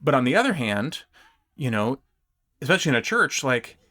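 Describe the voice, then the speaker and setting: Man, mid-pitched voice, dry recording, halting with restarts, casual podcast chat. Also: sing-song, sharp tone, no room sound.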